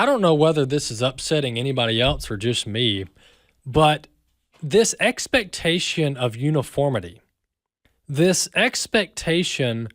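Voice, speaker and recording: Emphatic American talk radio host, dry sound. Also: male voice, on the high side, fairly bright tone, dry recording. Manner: emphatic, repeats words when heated.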